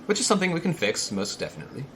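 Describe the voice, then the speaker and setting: A man's voice: a little high, huge pitch swings, very fast, slight background noise, voice pushed up. A man voicing a fussy, bookish male companion who speaks in a formal, flustered way.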